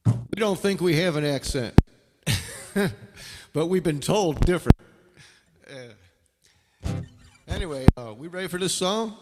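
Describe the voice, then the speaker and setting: Brief: laid-back man from St. Louis, high and unhurried, loud live music around him on a call. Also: in a large hall. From St. Louis, Missouri. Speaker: guest musician. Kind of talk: casual intro before a song. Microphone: video call.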